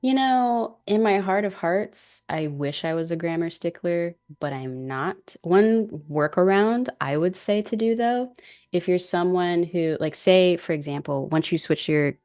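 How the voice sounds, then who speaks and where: A woman with African American English chatting casually as a guest creator, relaxed and self-deprecating, laughing often as she explains. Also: fairly low pitch, moderate pace. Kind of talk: casual tutorial chat.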